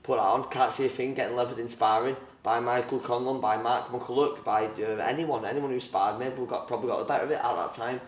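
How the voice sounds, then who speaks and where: A man's voice: mid-range voice, fairly even intonation, fast, hardly any pauses. A young man, a former boxer, telling his story in an interview, blunt and rambling, with plenty of swearing and fillers. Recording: roomy, mic at a distance.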